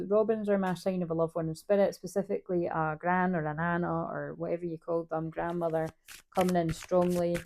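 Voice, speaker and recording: A woman's voice: lowish voice, darkish tone, slight background noise. A woman giving a casual spiritual card reading, rambling, swearing freely and laughing at herself. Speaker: spiritual reader.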